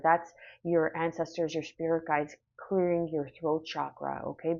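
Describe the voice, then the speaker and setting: A woman's voice: on the low side, darkish tone, lo-fi sound. A woman doing a casual spoken tarot reading, rambling and reassuring with many fillers. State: hiccuping. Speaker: tarot reader.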